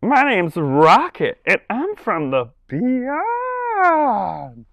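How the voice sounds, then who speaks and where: A man voicing a cheerful corgi puppet from space, a little boy dog who talks in a slow, squeaky, childlike way. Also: huge pitch swings, vocal fry, fairly bright tone, no room sound, full character voice. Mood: giddy.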